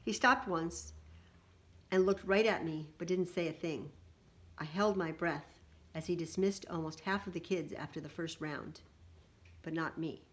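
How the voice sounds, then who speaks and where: A woman reading a picture book aloud in an animated way, adding little asides to her listeners. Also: on the low side, unhurried, pauses often.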